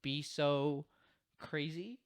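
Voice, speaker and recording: A man's voice: a little high, extremely slow, clean tone. A young man co-hosting a casual podcast, rambling with lots of "like" fillers. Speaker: podcast co-host. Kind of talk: casual chat.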